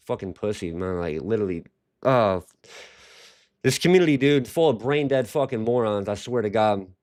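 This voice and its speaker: A young man hosting a live stream in loose, casual talk. He rants at his chat and curses freely, with a mid-pitched voice. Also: a little mellow. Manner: profane, ranting at chat. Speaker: livestream host.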